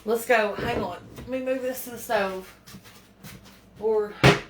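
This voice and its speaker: Heard from a distant mic with background noise, a woman with a fairly high voice speaks at a measured pace while cooking in her echoey home kitchen, pans clattering around her. This vlogger chats casually to viewers in a folksy way, worrying out loud whenever she fumbles.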